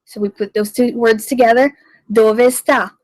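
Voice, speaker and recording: A woman hosting a radio language lesson, teaching slowly and repeating each phrase so listeners can follow. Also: a little high, fairly even intonation, a little mellow, no echo, low-quality recording. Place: radio studio.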